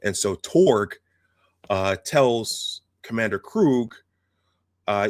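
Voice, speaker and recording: A man hosting a video, telling a film's story in a casual, halting, animated way and acting out the scenes. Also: lowish voice, no echo, studio quality. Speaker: host. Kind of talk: casual film retelling.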